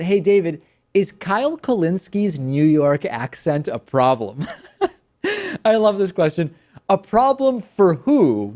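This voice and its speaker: A male talk show host answers viewer questions in a relaxed, chatty way. His voice sits at a middle pitch, and he tells stories with lively restarts. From Massachusetts. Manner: conversational, animated storytelling with frequent restarts.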